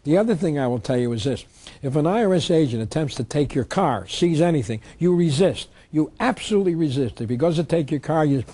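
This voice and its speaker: Emphatic man lecturing, mellow tone. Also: fairly high pitch. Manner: emphatic, reads statutes aloud. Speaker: lecturer on tax law. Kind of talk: public lecture.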